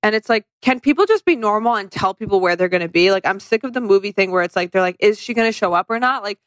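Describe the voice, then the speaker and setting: A woman's voice: medium pitch, animated, fast talker, no room sound. A woman co-hosting a podcast in casual chat about movies, rambling with lots of "like" and acting out quotes. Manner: rambling, many likes, acts out quotes. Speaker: podcast co-host.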